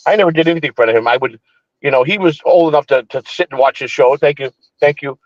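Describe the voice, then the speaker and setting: A man's voice: a little high, quick pace, no echo, lo-fi sound. A man hosting a morning show, telling a long story in casual, profane, rambling talk with frequent restarts. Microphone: streaming setup.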